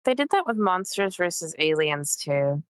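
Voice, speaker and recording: A woman's voice: on the low side, very animated, moderate pace, smooth, no echo, rough recording. A young adult woman who has just woken up, chatting affectionately and sleepily with friends on a stream. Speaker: guest friend on call. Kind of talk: casual chat.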